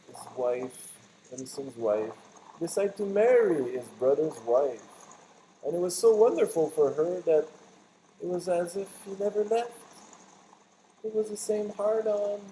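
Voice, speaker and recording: A man's voice: on the high side, warm tone, slight background noise. A man with a French Canadian accent, narrating a casual video while filming on a beach, chatty and rambling with teasing asides. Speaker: vlogger. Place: outdoors on a beach by the water. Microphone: handheld camera mic.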